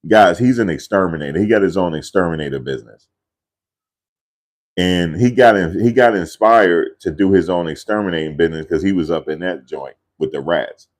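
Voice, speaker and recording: A man's voice: low-pitched, normal speed. A man casually telling a rambling family story in a loose, slangy way, often repeating himself.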